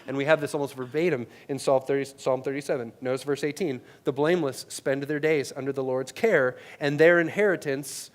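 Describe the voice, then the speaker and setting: A male pastor preaching a sermon in a conversational way, tagging lines with "right?" and swinging from loud emphatic peaks to quiet low asides, on a headset mic. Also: steady tone, a little fast, hardly any pauses.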